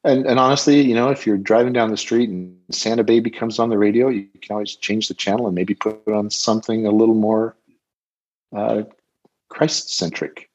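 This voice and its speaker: An older man talks calmly and thoughtfully as a guest, his voice slightly husky. The sound is dull and lo-fi, like a remote call line. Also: lowish voice, moderate pace. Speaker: guest, author. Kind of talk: casual faith conversation.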